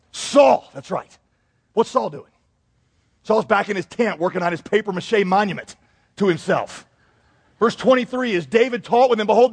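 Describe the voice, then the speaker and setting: A man's voice: high-pitched, breathy edge. A man pastor giving a joking, conversational sermon to his church. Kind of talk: humorous sermon. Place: church sanctuary. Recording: long reverb in a large hall.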